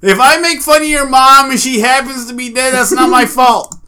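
A man's voice: very high voice, normal speed, a crowd in the background. A man co-hosting a casual reaction chat, blunt and crude, often laughing. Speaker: co-host reacting to clips.

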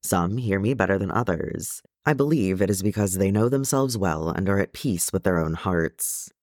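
A stern older dwarf king, proud and guilt-ridden, speaking in a measured and grave way, as a man reads him in an audiobook. His voice sits low and moves with lively inflection, close and dry. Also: no room sound. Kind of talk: audiobook fan reading.

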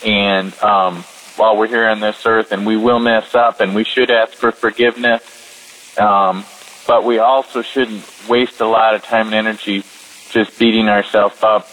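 A man calls in to share what has been on his heart this week. His voice sits somewhat low, and he talks softly and haltingly, with many ums and uhs. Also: level tone, rough recording. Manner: soft-spoken, hesitant, many fillers. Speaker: caller. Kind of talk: casual voicemail testimony.

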